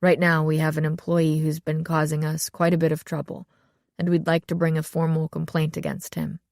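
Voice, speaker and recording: Vrouw die een beheerste resortmanager speelt. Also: female voice, sits low, level tone, darkish tone, no room sound, studio quality. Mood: restrained. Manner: restrained, measured. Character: restrained, polite male resort manager.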